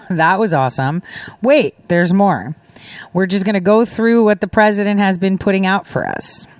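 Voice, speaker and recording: A woman's voice: mid-range voice, moderate pace, a little mellow, dry recording, clean studio sound. A middle-aged woman hosting casual commentary, telling chatty stories with laughing asides. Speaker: host.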